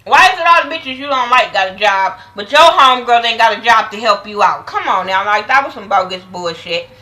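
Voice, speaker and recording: Woman, vlogger, casual episode recap, blunt, profane, slang-heavy, sharp bright tone. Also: on the high side, animated, brisk, rough recording. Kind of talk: casual episode review commentary.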